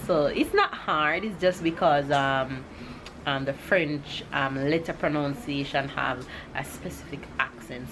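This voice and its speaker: A woman with a Jamaican accent hosting a casual vlog, laughing often and spelling words out slowly. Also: low-pitched. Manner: laughs often, slow deliberate pronunciation. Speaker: vlogger host. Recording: noisy ambient background.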